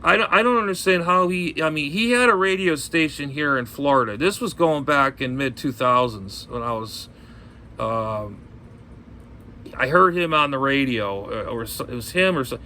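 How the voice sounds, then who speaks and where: A man's voice: medium pitch, expressive, normal speed, pushed and bright, a little hiss or hum. A man rambling through a casual chat from home, ranting bluntly, cursing and repeating himself. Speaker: ham radio vlogger.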